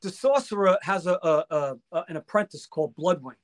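A man guest in a casual chat, telling a story excitedly and acting out the dialogue. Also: sits high, fast talker, few pauses. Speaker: guest musician.

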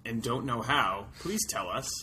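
A man's voice: medium pitch, a little slow, bright, forceful tone, slight background noise. A man hosting a casual gaming podcast, chatty and self-deprecating, laughing often. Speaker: podcast host.

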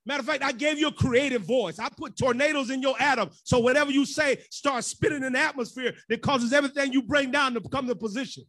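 A man's voice: very high voice, fast, hardly any pauses, a bit bright. A man preaching as pastor in a loose, joking way, slipping into the voices of church folk. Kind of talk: conversational sermon.

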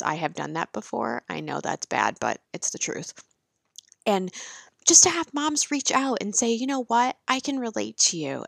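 Gravelly, frank mom talking. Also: female voice, on the low side, dry recording. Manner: frank, profane, animated storytelling. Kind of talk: candid personal monologue.

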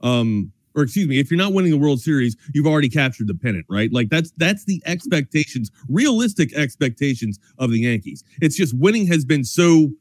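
A man's voice: fairly high pitch, a little fast, hardly any pauses, no echo. Guy on a sports show, fired up and loose, swears a bit, dry close sound. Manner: loose, excitable, curses casually. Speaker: sports talk co-host. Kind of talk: casual sports talk.

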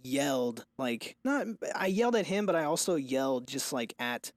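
A man's voice: a little high, very animated, moderate pace, no echo, studio quality. A young man, a father, talking candidly and rambling in a casual podcast chat, restarting and trailing off.

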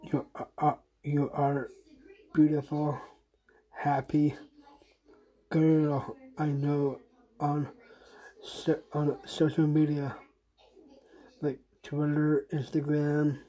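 A podcast host speaking a heartfelt message to a friend in a soft, sad voice, halting and often restarting phrases. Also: medium pitch, level tone, rough recording. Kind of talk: personal spoken message to a friend.

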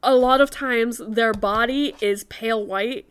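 A woman's voice: fairly high pitch, unhurried, clean tone. Laughing young woman podcast co-host. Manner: candid, laughs often, storytelling. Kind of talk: casual chat.

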